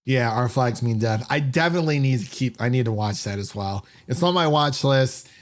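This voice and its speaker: Man, podcast host, upbeat, chatty, casual conversation, mid-pitched voice. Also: animated, fairly quick.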